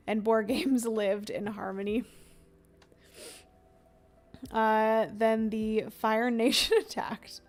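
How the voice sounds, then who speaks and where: A woman's voice: fairly high pitch, flat delivery, slow pace, pauses often. A young woman streamer chatting casually and giggling as she rambles through a livestream.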